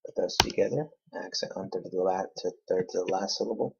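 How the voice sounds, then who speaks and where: Male Spanish teacher, low husky voice, patient step-by-step explainer, dull lo-fi recording. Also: quick pace, few pauses. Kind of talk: classroom grammar lesson.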